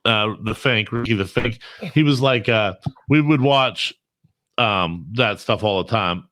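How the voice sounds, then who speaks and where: A man's voice: fairly low pitch, a bit bright. A man chatting casually on a podcast, telling rambling stories full of fillers. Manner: rambling, filler-heavy storytelling. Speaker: podcast host. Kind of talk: casual chat.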